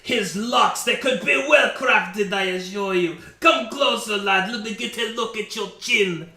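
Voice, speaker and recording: A man's voice: high voice, measured pace, creaky, bright, forceful tone, echoey room, exaggerated voice. A man voicing a vain, flamboyant weapons master with a Southern accent, speaking in a fawning, theatrical way in a tabletop game.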